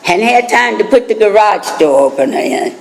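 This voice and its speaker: A woman's voice: medium pitch, lively intonation, normal speed, creaky. An older American woman telling her personal recovery story at a meeting, chatty and laughing through asides. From United States. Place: meeting hall. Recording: reverberant hall.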